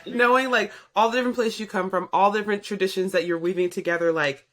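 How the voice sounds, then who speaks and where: A woman's voice: mid-range voice, fairly even intonation, quick pace, over music. A woman hosting a podcast, asking curious questions and giving short affirmations in a casual interview. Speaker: podcast host.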